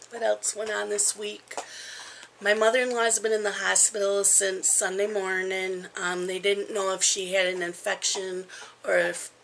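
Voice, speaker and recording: A woman's voice: medium pitch, vocal fry, pushed and bright, slight background noise. A woman in her fifties chatting casually at home in a rambling vlog, with frequent ums. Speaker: crafting vlogger.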